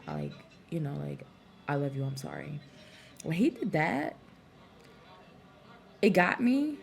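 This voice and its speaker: A woman's voice: sits low, vocal fry, a little mellow. A woman talking through a wrestling event in a casual, frank review vlog, full of ums and likes and swearing freely.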